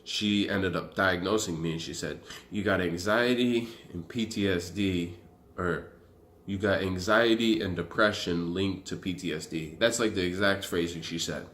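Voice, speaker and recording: A young vlogger from Arizona tells his story to camera in a deep voice at a moderate pace. He's animated, profane, loose, and rambling throughout.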